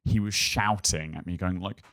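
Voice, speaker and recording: A man's voice: low voice, moderate pace. A man, a podcast guest, telling a funny story in casual chat. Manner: animated, acts out shouted quotes.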